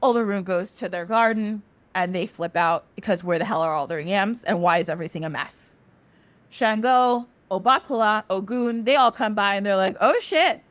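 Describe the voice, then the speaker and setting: A young adult woman hosting a podcast, retelling a myth in a chatty, animated way with casual profanity. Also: mid-range voice, normal speed, dry recording. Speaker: podcast host. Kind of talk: casual mythology storytelling.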